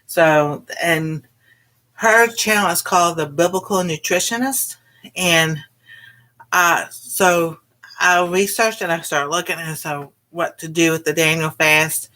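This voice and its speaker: A woman's voice: on the low side, slow, sharp tone. A woman cooking vlogger telling a personal story in a casual, rambling way, with many fillers and exclamations. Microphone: livestream.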